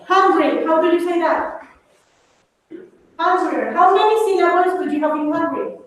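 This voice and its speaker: Woman teacher, Spanish native, very high voice, classroom lesson mixing two languages, heard from afar. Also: normal speed. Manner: switches between English and Spanish, calls students babies. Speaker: English teacher. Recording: echoey room, far from mic, faint noise.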